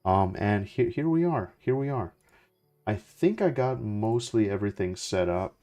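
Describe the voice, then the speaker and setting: A young man chatting casually as he plays, relaxed and rambling with lots of fillers and restarts. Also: fairly low pitch, moderate pace, soft background music. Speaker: gaming streamer. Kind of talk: casual gameplay commentary.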